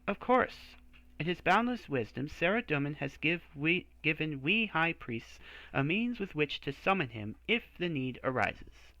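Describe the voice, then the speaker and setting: A lofty, condescending high priest from a fantasy game, his voice bright and sweeping up and down with self-importance, as a streamer puts him on. The sound is dry and close. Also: very animated, a little slow, dry recording, heavily acted. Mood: haughty. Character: pompous male high priest, haughty gatekeeper. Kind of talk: reading game dialogue aloud.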